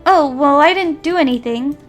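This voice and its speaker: A woman's voice: high-pitched, moderate pace, soft background music, close to an everyday voice. A woman voicing an earnest young heroine in a visual novel, speaking meekly and apologetically. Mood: apologetic.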